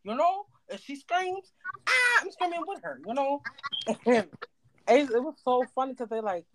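A woman chatting on a podcast, telling lively stories with loud imitated screams. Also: high voice, normal speed, crowd noise, rough recording. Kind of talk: casual chat.

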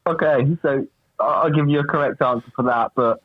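A man's voice: a little high, brisk, no room sound, phone-quality sound. A man, a guest on a casual podcast, teasing the hosts in a dry way.

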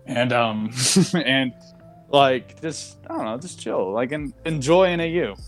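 A young man of average pitch chats candidly as a podcast host, seated at his desk at home. He rambles, piling up fillers and cutting himself off mid-thought. The talk stays loose and open. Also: expressive, unhurried, soft background music. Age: young adult. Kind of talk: casual chat.

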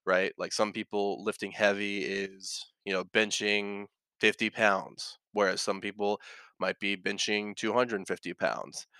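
A man's voice: lowish voice, level tone, unhurried, vocal fry, bright, forceful tone, clean tone, no room sound, clean studio sound. A man hosting his own podcast, talking casually and reading online posts aloud, full of fillers, restarts and tag questions. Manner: rambling, many fillers and restarts, frequent "right?". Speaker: podcast host.

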